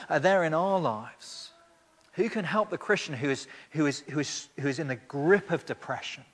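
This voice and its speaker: A man's voice: fairly high pitch, fairly bright tone. A man preaching a sermon with emphatic rhetorical questions and frequent restarts. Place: church hall. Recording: long church reverb.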